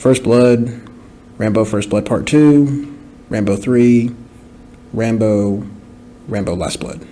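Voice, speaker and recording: A man's voice: lowish voice, slow, warm tone, a little hiss or hum. A man hosting a podcast, giving casual movie commentary with joking, chatty asides. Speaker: podcast host.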